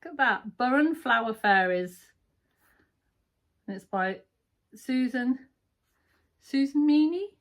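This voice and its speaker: A woman's voice: a little high, expressive, slow pace, pauses often, a bit bright. A woman chatting casually through an unboxing at home, gushing about each item with frequent ums. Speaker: sewing vlogger. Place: home sewing room.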